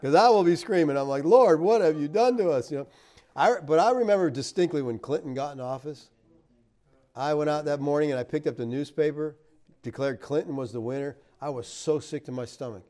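A middle-aged man, a pastor, reading viewer comments aloud in casual chat, laughing often and swinging from emphatic bursts to low asides. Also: warm tone. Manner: chatty, laughs often, rises emphatic then drops low.

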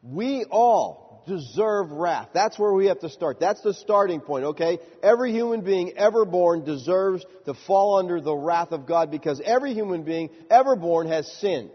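Emphatic preacher in a reverberant hall. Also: male voice, animated, normal speed, few pauses. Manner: emphatic, rises in pitch to stress points. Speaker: pastor. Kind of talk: sermon. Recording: muffled sound with long hall reverb.

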